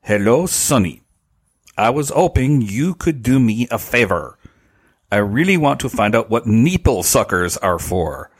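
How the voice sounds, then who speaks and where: A man's voice: mid-range voice, very animated, a little slow, slightly rough. A man reading out a polite listener's question in a put-on French accent. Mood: mock polite.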